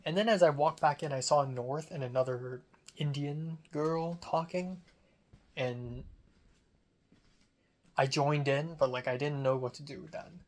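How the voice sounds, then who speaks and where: A man's voice: a little high, measured pace, long pauses, darkish tone. A young man telling about his day in a casual diary vlog, rambling with many fillers and restarts. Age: young adult. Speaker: vlogger.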